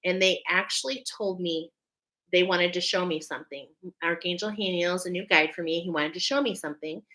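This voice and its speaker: A woman's voice: fairly low pitch, fairly even intonation, fairly quick, sharp tone, low-quality recording. A woman leading a live oracle card reading, emotional and preacher-like, constantly checking in with her listeners. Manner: emphatic, checks in with "okay?" constantly. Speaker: spiritual card reader.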